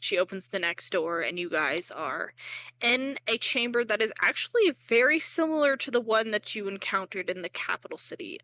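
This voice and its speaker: A woman's voice: mid-range voice, expressive, moderate pace, sharp tone. A young woman narrating as game master in a casual, rambling way, full of fillers and joking at herself.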